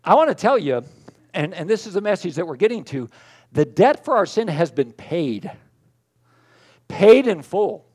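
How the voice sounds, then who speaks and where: A man's voice: sits high, sing-song, normal speed, long pauses, a little mellow, husky. A middle-aged man preaching a conversational sermon, self-deprecating and full of fillers and restarts. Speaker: pastor.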